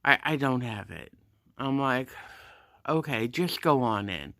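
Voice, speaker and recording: Animated man ranting about work. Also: a little slow, dry recording, studio quality. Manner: animated, acts out the dialogue with pitch jumps. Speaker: gym front desk attendant. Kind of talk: casual storytelling rant.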